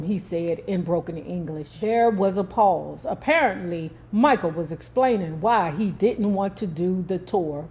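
A woman's voice: fairly low pitch, animated, unhurried, few pauses, dark tone. A woman telling a true story, reading it out and breaking off for casual, emphatic commentary. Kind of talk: storytelling narration with asides.

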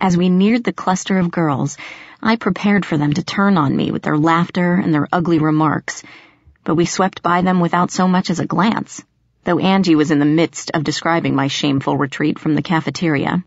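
A woman with a fairly low voice reads a first-person audiobook in a steady, expressive way. The recording is dry and close, with a slightly dull, lo-fi tone. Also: moderate pace, no echo. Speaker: audiobook narrator.

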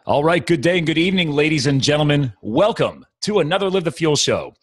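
A man's voice: fairly high pitch, sing-song, a little fast, no room sound. A man hosting a podcast, chatting with a guest in an enthusiastic, rambling way. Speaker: podcast host. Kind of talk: casual interview chat.

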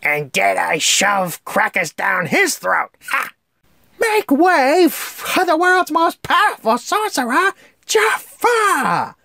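A man voicing a loud, whiny, sarcastic male parrot sidekick in an animated film, with a grating, shrill squawk. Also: slow, vocal fry, no room sound, studio quality, heavily acted. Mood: gloating.

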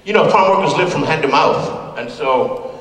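A man's voice: on the high side, moderate pace, a bit bright. An older man from California telling personal stories to an audience in a folksy, conversational way, laughing now and then at his own jokes. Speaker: speaker giving a talk. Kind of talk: storytelling talk to an audience. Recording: echoey hall, voice from far off.

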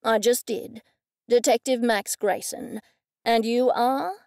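Female reader as a cool male cop, clipped and deadpan, close and dry. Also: fairly high pitch, slow, vocal fry, dry recording. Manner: curt, deadpan.

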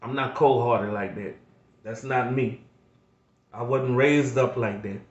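A middle-aged man, a grandfather, speaking slowly and emotionally, repeating himself like a preacher as he talks to his viewers, close to tears. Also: medium pitch, roomy sound, dull audio. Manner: slow, repetitive, preacher-like appeals. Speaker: vlogger. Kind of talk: emotional heartfelt monologue.

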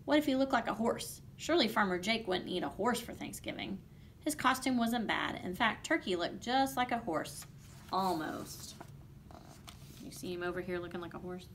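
A woman reading a picture book aloud to children, lively and playful. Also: medium pitch, normal speed, slight background noise. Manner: lively, playful voices for the animals. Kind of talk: children's storybook read-aloud.

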